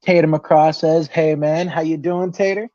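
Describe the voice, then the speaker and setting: A man's voice: on the high side, steady tone, normal speed, mellow, no room sound. Nervous young man hosting a podcast. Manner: nervous, laughing, reading viewer comments aloud. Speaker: podcast host. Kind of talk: casual livestream chat. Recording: dull, lo-fi dry sound.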